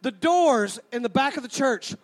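A man telling a stand-up story, animated and full of mimicked sound effects. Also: very high-pitched, normal speed. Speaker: stand-up comedian.

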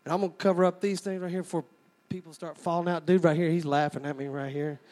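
A man's voice: fairly high pitch, steady tone, fast talker, a little mellow. A man preaching a sermon, folksy and joking as he calls out to the crowd.

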